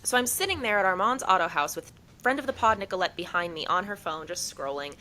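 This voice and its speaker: A woman's voice: on the low side, animated, fast talker, pushed and bright, poor audio. A young woman co-hosting a podcast, telling a long story in casual chat and acting out the people she quotes. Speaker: podcast co-host.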